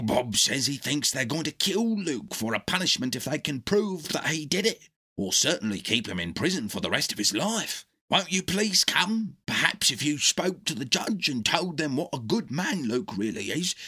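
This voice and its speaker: A man voicing a loyal male dog in a storybook reading, husky, urgent and pleading. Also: a little high, very animated, normal speed, pushed and bright, voice pushed up, exaggerated voice. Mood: earnest.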